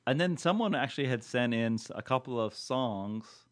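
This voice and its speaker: A man's voice: medium pitch, animated, moderate pace. A man co-hosting a comedy podcast, chatting casually and teasing his friends with frequent laughs. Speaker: podcast co-host. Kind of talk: casual chat.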